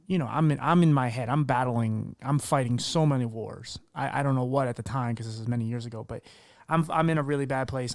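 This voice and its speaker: Man, podcast host, candid rambling talk, mid-pitched voice, dry close-miked recording. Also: dry recording. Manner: candid, rambling with many restarts and fillers. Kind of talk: casual conversational interview.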